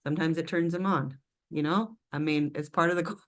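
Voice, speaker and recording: A woman's voice: low voice, steady tone, a little fast. A woman co-hosting a casual couples podcast, talking expressively and playfully, laughing and checking in with her partner. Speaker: co-host, couples coach.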